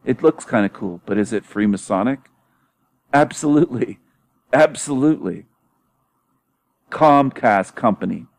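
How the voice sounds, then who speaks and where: A man's voice: lowish voice, normal speed, vocal fry, few pauses, no echo, studio quality. A man hosting his own video channel in a casual monologue, mocking his critics with frequent laughter, swearing and emphatic repetition. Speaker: YouTube channel host.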